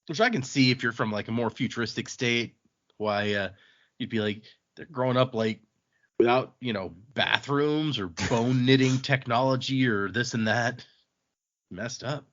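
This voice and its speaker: A man hosts a podcast, loosely retelling a story's chapters. He talks at a middle pitch, rambles with fillers and asides, and sounds casual. The recording is a bit dull and lo-fi. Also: moderate pace, a bit bright. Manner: rambling, with fillers and laughs, acting out quotes. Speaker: podcast host. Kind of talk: casual book recap.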